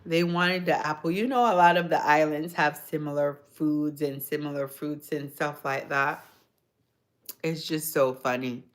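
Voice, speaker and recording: A woman chats on her livestream, rambling through stories and answering viewers at an unhurried, drawn-out pace. Her voice sits a little low, and she sounds eager whenever she gets onto food. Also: steady tone. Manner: chatty, rambling storyteller; enthusiastic about food. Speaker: livestream host. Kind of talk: casual chat answering viewers.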